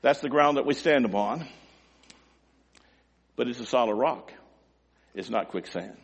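A man preaching a sermon with emotional, emphatic delivery, swinging from loud, high-pitched emphasis down to quiet, low asides. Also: a little slow, slightly rough, long reverb tail.

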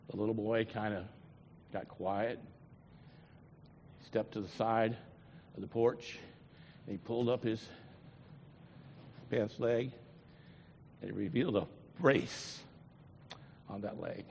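A man's voice: mid-range voice, unhurried, long pauses, a little mellow, slight background noise. A man preaching a sermon as a pastor, moving between prayer and storytelling in a folksy, earnest way with frequent fillers. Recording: dull lo-fi recording in a long-echoing hall.

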